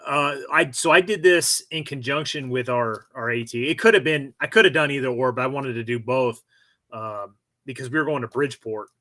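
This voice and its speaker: A man's voice: medium pitch, a little fast, pushed and bright. A middle-aged man hosting a casual interview and telling rambling anecdotes, laughing easily. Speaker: podcast host, former Marine.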